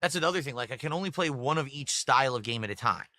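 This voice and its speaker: A man's voice: mid-range voice, lively intonation, fast talker, bright, forceful tone. A middle-aged man hosting a livestream, chatting casually and reading out his viewers' messages and tips. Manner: rambling, talks to chat and reads out tips. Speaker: livestream host.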